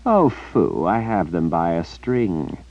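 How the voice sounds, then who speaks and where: A man's voice: low voice, sing-song, slow, dry recording, lo-fi sound, full character voice. A man reading an audiobook, voicing an arrogant, theatrical male sorcerer who drawls and dismisses others with scorn. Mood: haughty.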